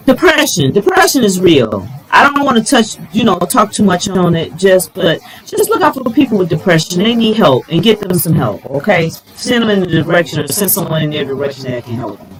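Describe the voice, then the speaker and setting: A middle-aged woman giving relationship advice in a casual, animated vlog, exclaiming and talking straight to her viewers. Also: on the low side, moderate pace, crowd noise, poor audio. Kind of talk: casual advice talk to camera.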